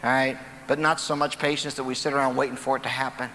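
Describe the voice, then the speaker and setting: A man speaking to an audience in a large auditorium with a folksy, storytelling manner and a pitch right in the middle for a man. His voice is caught from a distance, with a long echo from the hall and a faint hum of room noise behind it. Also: level tone, fast talker, bright, forceful tone. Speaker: motivational speaker. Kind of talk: motivational stage talk. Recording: distant, echoey live hall recording.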